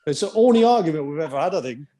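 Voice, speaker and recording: A man hosting a podcast, telling lively casual stories about former teammates with quoted asides. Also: fairly high pitch, very fast. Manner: animated anecdotes with quoted asides. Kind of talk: casual storytelling chat.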